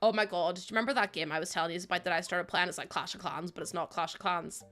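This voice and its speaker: A woman's voice: lowish voice, steady tone, rapid-fire, fairly bright tone. A young woman chatting casually while streaming a game, telling rambling stories and laughing often. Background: faint background music.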